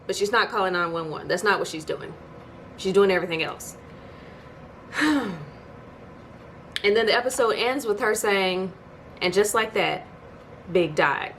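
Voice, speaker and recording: A woman's voice: mid-range voice, normal speed, a bit bright, a little hiss or hum. A woman giving a casual TV episode recap as a video host, chatty and storytelling, with incredulous asides. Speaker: YouTube TV reviewer.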